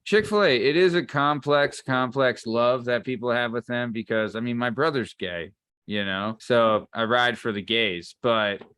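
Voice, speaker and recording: A man's voice: medium pitch, unhurried, fairly bright tone, clean tone, dry recording. A man hosting a podcast in casual chat, joking and rambling. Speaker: podcast host.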